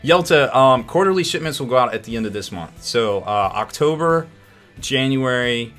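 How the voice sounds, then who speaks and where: A man's voice: mid-range voice, lively intonation, moderate pace, a bit bright, soft background music. A man hosting a hobby painting show in casual live-stream chat, upbeat and rambling, laughing often.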